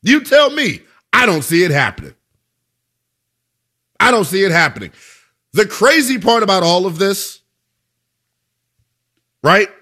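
A man's voice: high-pitched, big pitch swings, unhurried, long pauses, pushed and bright. A man hosting a sports talk radio show, delivering an emphatic, conversational monologue full of rhetorical questions.

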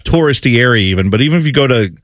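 A man's voice: medium pitch, animated, racing, a bit bright, no echo, clean studio sound. A man co-hosting a radio show, joking and riffing in casual banter. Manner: joking, riffs with mock voices.

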